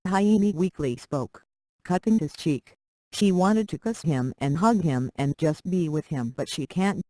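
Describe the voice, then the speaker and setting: A reader narrating a short romance story aloud in a plain, steady way. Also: medium pitch, unhurried, no echo, low-quality recording.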